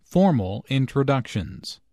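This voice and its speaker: A man reading English lesson notes in a careful, clearly enunciated scripted narration. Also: medium pitch, big pitch swings, slow pace, dark tone, no room sound, clean studio sound. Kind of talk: slow scripted teaching narration.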